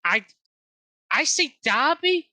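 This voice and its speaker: A man's voice: very high voice, very animated, slow, bright, forceful tone, no echo. A man co-hosting a casual wrestling podcast, rambling and restarting his sentences, with frequent swearing. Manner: rambling, restarts often, lots of fillers and swearing. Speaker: podcast co-host.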